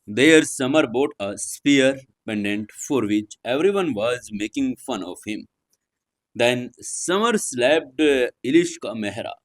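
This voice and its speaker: Slow, halting Indian English male storyteller. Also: medium pitch, animated. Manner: slow, halting reading with restarts and uneven stress. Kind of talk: reading a serialized story aloud.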